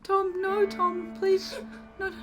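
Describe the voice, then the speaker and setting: A man voicing a frightened young boy who pleads to be let go, in a very high squeaky voice. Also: level tone, takes it slowly, music in the background. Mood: pleading. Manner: pleading, panicky.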